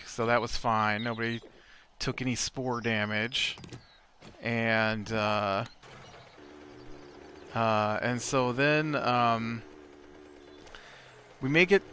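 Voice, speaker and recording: A man's voice: medium pitch, bright, forceful tone, a little hiss or hum. A man hosting a let's play, telling a rambling story between remarks on the game. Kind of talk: casual gameplay commentary.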